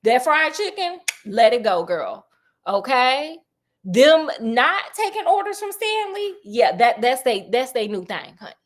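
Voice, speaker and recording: A woman's voice: high voice, sing-song, unhurried. A woman doing Sticks, an exasperated teen boy. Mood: warning.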